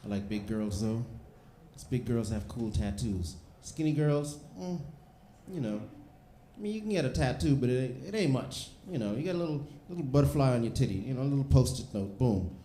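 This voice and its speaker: A man's voice: mid-range voice, animated, fairly quick, dark tone. A man doing a stand-up comedy set on a theater stage, telling stories in a brash, punchy way and acting out the other people's lines. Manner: brash, punchy storytelling with acted-out dialogue. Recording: echoey theater room, faint noise. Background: audience laughter.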